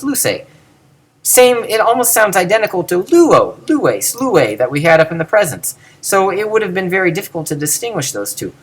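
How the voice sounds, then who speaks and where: Halting man lecturing at his computer. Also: a little high, a bit bright. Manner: thinking aloud, halting with fillers and restarts. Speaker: teacher. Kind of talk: lecture on Greek pronunciation.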